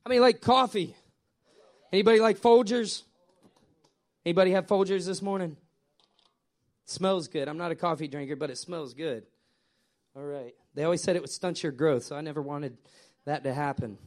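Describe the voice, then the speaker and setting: A male pastor delivers a sermon in a fairly high voice. He talks straight to his congregation, repeating phrases and swelling to emphatic peaks before dropping back down. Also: normal speed, long pauses. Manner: animated, repetitive preaching that swells and drops; addresses the congregation directly.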